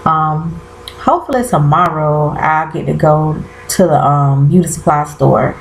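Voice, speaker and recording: Animated woman, echoey bedroom vlog. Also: low-pitched, unhurried, gravelly, slight background noise. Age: 30s. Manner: animated, exclaiming, addresses viewers as y'all. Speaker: vlogger. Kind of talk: casual chat recapping a TV episode. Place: bedroom at home.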